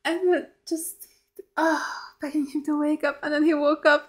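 Woman gushing through a tv reaction, kinda high voice, swears a lot. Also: normal speed. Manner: gushing and effusive, swears often. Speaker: reaction video creator. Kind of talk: casual TV reaction commentary.

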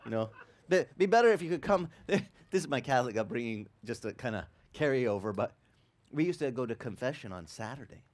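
A man preaching a sermon as pastor, telling lively stories with acted-out quotes and frequent stammered restarts. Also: medium pitch, fairly quick. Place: church.

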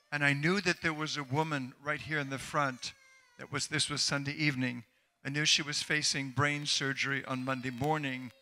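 A man's voice: mid-range voice, bright, forceful tone. An older male preacher telling a healing testimony in a church sermon, building into fervent exhortation to the congregation. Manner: storytelling, then rising into fervent exhortation. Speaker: traveling preacher.

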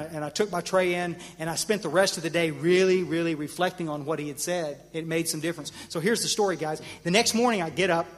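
A middle-aged man with a fairly high voice, telling a long personal story to a convention crowd. He stammers through restarts, jumps up sharply for the punchlines and sinks low for the quiet moments. The voice is caught with a long hall reverb. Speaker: AA convention speaker. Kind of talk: personal recovery story told to an audience.

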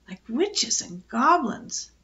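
An older woman voicing a timid little girl who frightens easily, with high squealing cries in a storybook reading. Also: big pitch swings, takes it slowly, pushed and bright, lo-fi sound, exaggerated voice. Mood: nervous. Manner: fearful, whiny cries.

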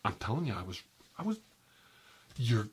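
A man voicing a chatty, oversharing interior decorator in a whispered role-play, rambling and gossiping with sudden high squeals and soft asides. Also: big pitch swings, normal speed, a little hiss or hum, lightly acted. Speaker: ASMR role-play creator.

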